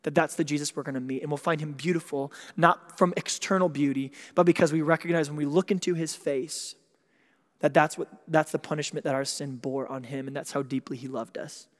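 A male pastor giving a sermon in an animated, conversational way, mixing jokes and quick asides with earnest passages. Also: on the high side. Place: church sanctuary. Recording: long hall reverb.

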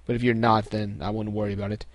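Low-voiced young man, dry close mic. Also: fast talker, no room sound. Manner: relaxed, many ums and restarts. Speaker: tutorial host. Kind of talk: casual screen-recorded tutorial.

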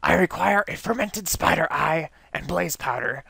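A man voicing a ruthless male mad scientist in a game story, with a raspy, put-on voice and grand, formal speech. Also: fairly high pitch, expressive, moderate pace, bright, forceful tone, no echo, heavily acted. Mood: scheming. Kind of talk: reading a game's story aloud in a put-on voice.

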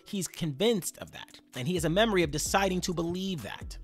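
A man's voice: sits high, expressive, brisk, faint music behind. A man giving a casual, slangy recap of a manga chapter, talking straight to his viewers. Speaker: anime and manga commentator.

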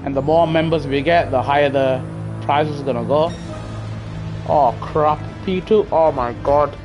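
Chatty gamer, slightly high voice. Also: male voice, measured pace. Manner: chatty, answers chat, slangy. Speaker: streamer. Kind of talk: casual live-stream chat over gameplay. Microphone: gaming headset. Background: car engine noise and music.

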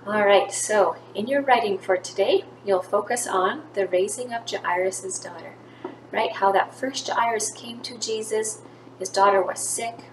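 A woman teacher tells a Bible story to young children, with a pitch neither high nor low. She lifts her voice to act out the quoted lines. The sound is roomy and echoey, with faint noise behind her. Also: measured pace. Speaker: grade 3 teacher.

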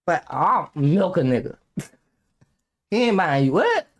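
A young man with a fairly high voice riffs through a reaction video, his pitch leaping all over the place. He talks loosely and profanely, laughing often and wandering into long personal stories. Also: slow. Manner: animated, profane, laughs often, rambling anecdotes. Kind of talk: casual reaction commentary.

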